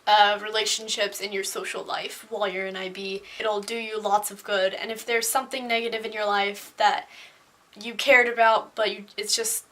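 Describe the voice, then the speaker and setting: Chatty young woman with a bright voice. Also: mid-range voice, level tone, moderate pace. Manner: chatty, candid, many fillers like "like" and "um". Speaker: vlogger. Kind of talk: casual talking-head vlog.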